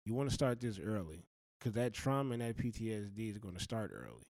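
A man's voice: fairly low pitch, expressive, fairly quick, darkish tone, dry recording. Earnest man giving blunt life advice. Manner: earnest, blunt, slangy, heartfelt. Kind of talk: direct-to-camera life advice monologue.

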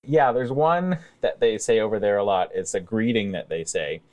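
A man's voice: fairly low pitch, very animated, normal speed. A man chatting as a podcast guest, telling stories in an easygoing way with wry humor and plenty of fillers. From Canada. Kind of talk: casual podcast chat.

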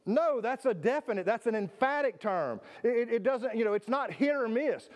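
A pastor delivers a sermon in a church sanctuary, his voice sitting high for a man. He preaches with emphasis, doubling words and putting questions to his congregation. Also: a little fast, few pauses.

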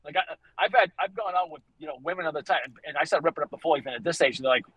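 A husky-voiced man in his fifties with a Boston accent, talking quickly and with energy. He tells stories on a podcast, slipping into the voices of the people he quotes, and drives home motivational points. His voice sits a little high for a man. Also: no room sound, low-quality recording. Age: 50s. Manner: animated storyteller, acts out quotes, motivational. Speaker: guest fitness coach. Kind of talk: casual podcast conversation.

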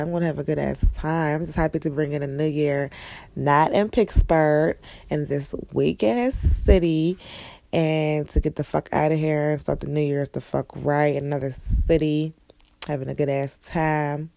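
A woman's voice: sits low, flat delivery, fairly quick, gravelly, warm tone. A young woman ranting bluntly and profanely in a casual monologue. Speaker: vlogger.

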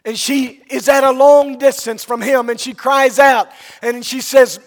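A man's voice: very high-pitched, steady tone, measured pace. A man preaching a sermon, telling a Bible story dramatically and acting out the voices of its people. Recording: long reverb of a large hall.

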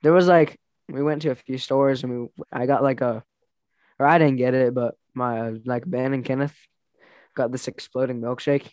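A young man in casual chat, rambling through a story with plenty of "like" and "um" and bursts of laughter. His voice sits at an ordinary middle pitch, recorded close and dry with no room sound. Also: fairly even intonation, moderate pace, a little mellow, dry recording. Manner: rambling, laughing, lots of fillers. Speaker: wrestler telling stories.

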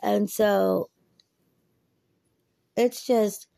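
A woman's voice: mid-range voice, fairly even intonation, very slow, vocal fry, dark tone, no room sound, studio quality. A woman in her thirties talking earnestly and chattily about faith and waiting, often laughing. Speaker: podcaster. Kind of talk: personal faith talk.

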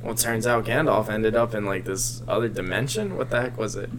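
A man in casual chat who retells a story in a rambling, animated way, full of filler words. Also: fairly low pitch, a little fast, slight background noise.

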